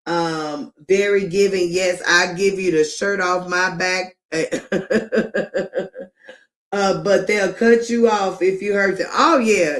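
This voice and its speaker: Middle-aged woman streamer doing live commentary, slow and drawn out, big emphatic delivery, laughs a lot. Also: on the low side, a bit bright.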